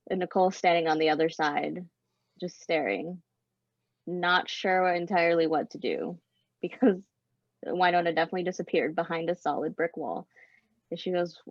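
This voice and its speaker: A woman improvises a spooky story for a panel, casual and lively. Her voice is slightly low and gravelly. The recording is dull and lo-fi. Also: moderate pace, no echo. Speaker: convention panelist.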